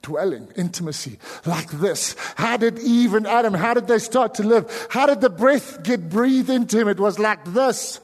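A South African man preaching a sermon as pastor, dropping to hushed pleading and then rising to sudden loud cries. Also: high voice, expressive, normal speed, few pauses, in a large hall.

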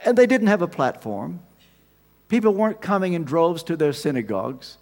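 High-voiced preacher in a reverberant hall. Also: male voice, normal speed. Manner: animated storytelling, swings between loud emphasis and quiet asides. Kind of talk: sermon. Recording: long reverb of a large hall.

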